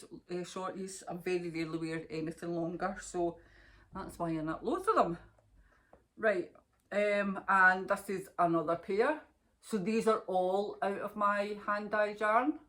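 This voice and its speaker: A woman's voice: lowish voice, a bit bright. A Scottish woman hosting a knitting podcast, chatting casually to camera in a rambling way and laughing often.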